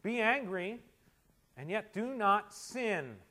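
Middle-aged male pastor, high voice, conversational sermon with punchy exhortations. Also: expressive, slow pace. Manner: conversational preaching, swinging between quiet asides and forceful exhortations.

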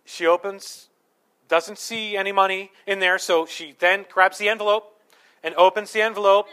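A man's voice: high-pitched, steady tone, moderate pace, sharp tone. A man preaching a sermon as pastor, earnestly teaching through scripture point by point in a church.

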